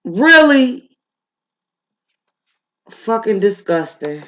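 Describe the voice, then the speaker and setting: A woman's voice: mid-range voice, big pitch swings, extremely slow, a bit bright. A woman from Chicago hosting a reaction video, giving blunt, profane commentary in a casual way.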